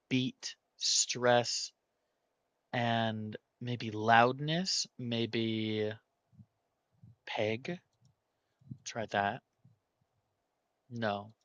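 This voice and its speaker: Male gaming host, unhurried thinking-aloud commentary, crisp bright tone, dead dry mic. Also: medium pitch, dry recording. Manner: thinking aloud, muttering guesses, trailing off quietly. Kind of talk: casual puzzle-solving commentary.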